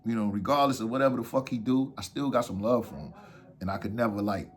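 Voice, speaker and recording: A man's voice: fairly low pitch, fast. A man telling a story from his past in casual street slang, acting out what others said in raised voices. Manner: animated, acts out quotes in raised voices.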